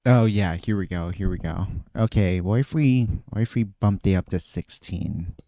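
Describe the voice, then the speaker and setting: A man's voice: low-pitched, moderate pace, dark tone, no echo, studio quality. A man streaming casually, thinking aloud, often trailing off and restarting his phrases. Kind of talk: casual livestream chat.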